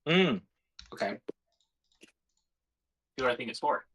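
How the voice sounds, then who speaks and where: A man playing a tabletop game, speaking calmly and steadily as he asks about his rolls. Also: medium pitch, a little slow, slight background noise. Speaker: player.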